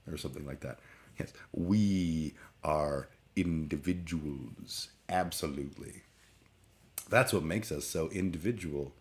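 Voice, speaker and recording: A man's voice: extremely low pitch, moderate pace. A man hosting a casual livestream, rambling and joking with plenty of swearing. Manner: rambling, profane, jokey. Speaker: livestream host.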